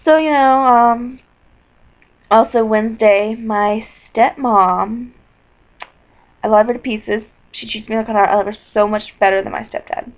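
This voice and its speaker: A woman's voice: fairly high pitch, measured pace. Rambling, apologetic young-sounding woman on a webcam. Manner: scattered and apologetic, with excited bursts. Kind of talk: rambling personal video diary. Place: indoors at a computer. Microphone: built-in computer webcam mic. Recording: dull lo-fi webcam audio.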